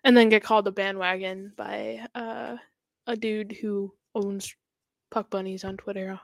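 A woman's voice: medium pitch, steady tone, a little slow, vocal fry, no room sound. A woman co-hosting a sports podcast, talking playfully with hesitant ums. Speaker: podcast co-host. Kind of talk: casual chat.

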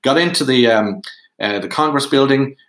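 A man with an Irish accent, a podcast guest telling a lively self-deprecating anecdote. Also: medium pitch, normal speed. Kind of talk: animated storytelling. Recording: roomy echo.

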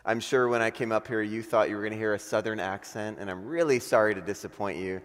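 A man from the western United States, a guest pastor, thanking a church and then reading scripture slowly and earnestly. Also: fairly low pitch. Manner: grateful, earnest, reads scripture slowly and deliberately. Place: church sanctuary. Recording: long church hall reverb.

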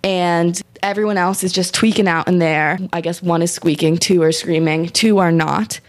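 Low-voiced woman telling a story casually. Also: steady tone, normal speed. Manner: loose, rambling, profane retelling with many likes. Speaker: podcast co-host.

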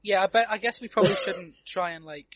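High-voiced chatty man hosting. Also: quick pace, noisy background. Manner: chatty, laughs often. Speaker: podcast host. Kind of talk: casual film commentary chat. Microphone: video call.

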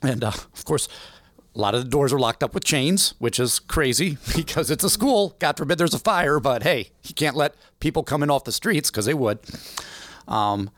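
Animated man telling a story. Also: mid-range voice, normal speed, dry recording. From Illinois, USA. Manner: animated storyteller, acts out voices in quotes. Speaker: guest. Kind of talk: storytelling interview.

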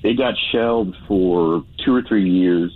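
A man with a low, husky voice rambles through a call-in story, stopping and restarting his sentences. He comes through a tinny phone line. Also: slow pace. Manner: rambling, hesitant, full of restarts. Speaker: caller. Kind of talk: casual radio call-in chat.

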